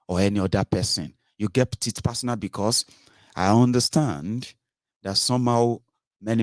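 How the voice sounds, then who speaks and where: A man with a Nigerian accent, giving an animated, casual monologue as a political commentator. He slips into Pidgin and Yoruba phrases. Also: sits low, no room sound, studio quality.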